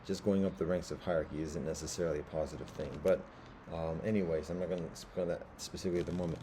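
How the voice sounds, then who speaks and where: Halting man in his fifties, very dark voice. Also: deep voice, steady tone, a little hiss or hum. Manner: halting, repeats words and restarts sentences. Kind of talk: rambling personal monologue.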